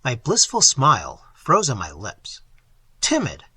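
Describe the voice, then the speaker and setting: A man reading a first-person story aloud in an expressive, animated way. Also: mid-range voice, normal speed, husky, no echo. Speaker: audiobook reader.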